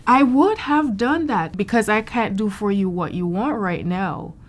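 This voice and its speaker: A woman's voice: mid-range voice, measured pace. A woman giving a candid patient testimonial, speaking frankly and matter-of-factly about personal matters.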